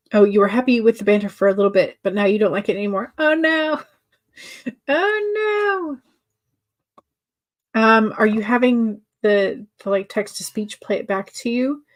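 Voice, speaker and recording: A woman with a medium-pitched voice hosts a writing-sprint livestream, chatting casually and responding to viewer comments, her speech full of fillers and restarts.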